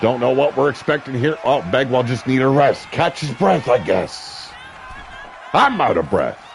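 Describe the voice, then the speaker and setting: A man calling a wrestling match play-by-play, brash and crude, with sudden shouted bursts of excitement. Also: medium pitch, moderate pace, gravelly, noisy background. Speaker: wrestling commentator. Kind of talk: play-by-play commentary. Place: seated at a ringside commentary table.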